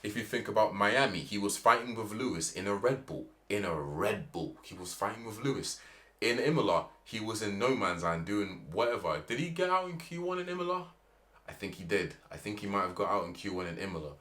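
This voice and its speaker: A man giving animated, opinionated motorsport commentary, with emphatic rhetorical questions. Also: on the low side, fairly quick.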